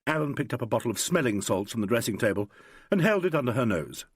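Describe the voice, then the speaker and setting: A man narrating an audiobook in a measured, expressive storytelling manner. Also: mid-range voice, husky, no echo, clean studio sound. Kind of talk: scripted narration.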